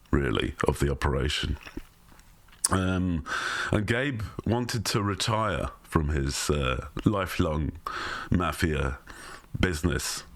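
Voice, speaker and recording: A man with a very deep voice chats casually on a comedy podcast, halting with ums and restarts and breaking into chuckles. The sound is close and dry, with no room in it. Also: dry recording. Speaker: podcast co-host.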